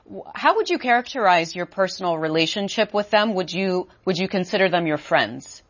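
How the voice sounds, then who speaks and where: A woman hosting a call-in show, reading out phone numbers and taking callers in a measured, formal announcer delivery. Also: lowish voice, lively intonation, a bit bright. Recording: dull lo-fi broadcast audio.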